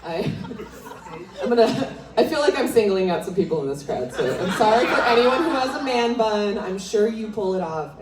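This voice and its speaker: A woman's voice: medium pitch, noisy background. A young adult woman performing a stand-up comedy set on a live club stage, teasing the crowd in a conversational way. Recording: roomy, distant venue sound with crowd laughter.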